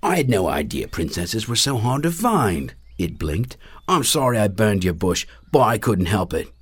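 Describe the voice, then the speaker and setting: A man's voice: lowish voice, big pitch swings, moderate pace, slightly rough, dry recording. A man voicing a young dragon in an audiobook, earnest and matter-of-fact, asking about princesses. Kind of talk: audiobook character voice.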